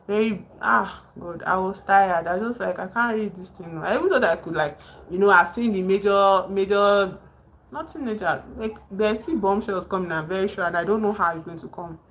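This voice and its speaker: A woman hosting a casual livestream, excitedly retelling a novel's plot with emphatic outbursts. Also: mid-range voice, moderate pace, slight background noise, rough recording. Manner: excited, emphatic storytelling with sudden exclamations. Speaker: livestream host. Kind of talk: casual livestream chat about a book. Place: home.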